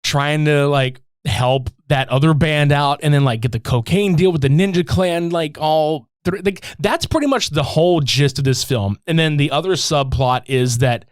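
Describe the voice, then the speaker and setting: A man's voice: a little high, moderate pace, few pauses, no echo, studio quality. A young man co-hosting a podcast, casually and profanely retelling a movie plot with lots of laughter. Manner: profane, excited, laughs often, acts out scenes in voices. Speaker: podcast co-host. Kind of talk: casual movie-review chat.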